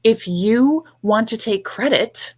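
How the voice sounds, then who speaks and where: A woman's voice: a little high, animated, slow. A woman hosting a livestream, ranting bluntly and sarcastically with frequent swearing. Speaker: livestream host.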